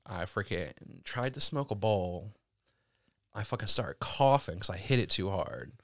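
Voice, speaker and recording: A man's voice: low voice, big pitch swings, unhurried, a bit bright, no echo, studio quality. A man co-hosting a podcast, complaining and swearing about being in back pain. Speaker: podcast co-host. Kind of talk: casual chat.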